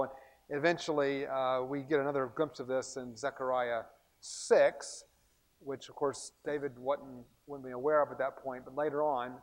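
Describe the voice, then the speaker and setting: A man teaching a recorded series on scripture in an animated, emphatic way, often restarting his sentences. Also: fairly high pitch, big-room sound. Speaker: bible teacher.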